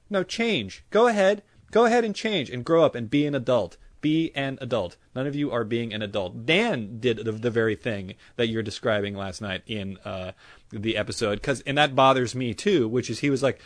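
A man's voice: medium pitch, moderate pace, dry recording. A man co-hosting a podcast, ranting sarcastically in casual chat, his voice jumping up when he gets worked up. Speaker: podcast co-host.

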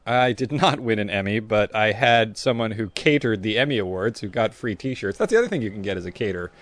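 A man's voice: on the low side, animated, brisk, a bit bright. A man co-hosting a comedy news podcast, trading dry, wry banter. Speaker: podcast co-host. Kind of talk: casual comedic chat.

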